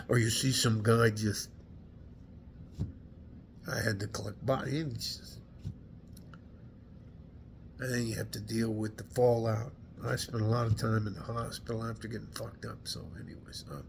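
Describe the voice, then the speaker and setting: A man's voice: mid-range voice, fairly even intonation, a little slow, vocal fry, pauses often, a little hiss or hum. A middle-aged man, a combat veteran, speaking emotionally to camera in a heated, profane rant, sighing and stuffy-nosed as he holds back tears. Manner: heated, profane, breaks off with sighs.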